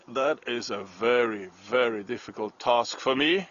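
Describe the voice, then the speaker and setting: A man's voice: medium pitch, a little slow, few pauses, fairly bright tone, lo-fi sound. A man hosting a casual night-time livestream outdoors, chatting and joking as he walks. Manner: chatty, joking, talks to his dog. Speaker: live-stream host. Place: outdoors at night on a country road.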